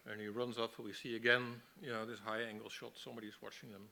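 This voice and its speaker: A man teaching a masterclass on storyboarding, explaining in a relaxed way with frequent restarts. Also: on the low side, quick pace, gravelly. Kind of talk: lecture on storyboarding.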